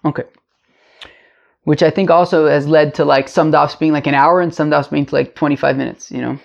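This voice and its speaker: A man's voice: fairly high pitch, fairly even intonation, brisk, creaky. A middle-aged man, teaching a casual daily Talmud class in a rambling, chatty way with joking asides. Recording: lo-fi home mic.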